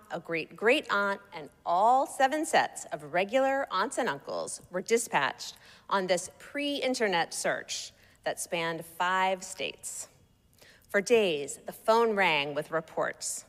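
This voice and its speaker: A woman reading her own personal essay aloud in a wry, measured storytelling manner. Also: lowish voice, fairly bright tone. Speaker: narrator. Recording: long echoey reverb.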